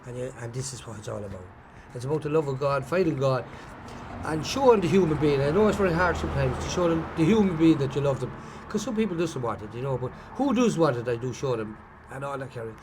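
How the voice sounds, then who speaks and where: A man's voice: medium pitch, animated, quick pace, background noise. A man with an Irish accent, giving an earnest, rambling personal testimony and repeating himself as he tells stories. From Ireland. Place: outdoors at a pilgrimage site.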